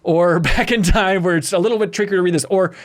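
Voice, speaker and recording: A man's voice: high voice, quick pace. A man hosting a games podcast, chatting enthusiastically in long run-on sentences. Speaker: podcast host. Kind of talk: casual chat.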